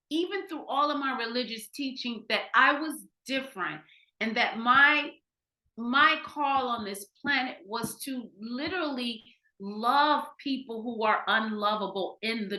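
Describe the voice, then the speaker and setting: A podcast guest from Ohio tells a candid personal story in a fairly high voice at a measured pace. She's animated, often restarting sentences and acting out what people said, and the recording has a roomy echo.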